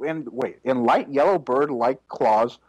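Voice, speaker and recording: A man's voice: medium pitch, measured pace, dry recording, rough recording. A man doing a comedic reading of fanfiction aloud, with sarcastic interjections. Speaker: fanfiction reader.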